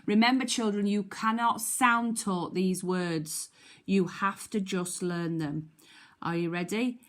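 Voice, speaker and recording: A woman teacher leading a phonics lesson for young children, speaking clearly and encouragingly in call-and-response. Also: mid-range voice, takes it slowly.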